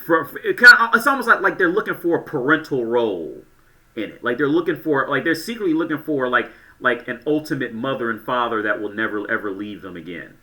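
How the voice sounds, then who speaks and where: A man's voice: mid-range voice, lively intonation, brisk, pushed and bright. A man giving casual reaction commentary in a blunt, crude way, often stammering and restarting his sentences.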